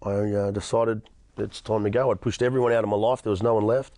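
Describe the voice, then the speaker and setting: A man's voice: on the low side, fairly even intonation, quick pace, warm tone, no echo, clean studio sound. An Australian man in his thirties giving an earnest personal testimony in an interview, often stammering and restarting. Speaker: interview guest.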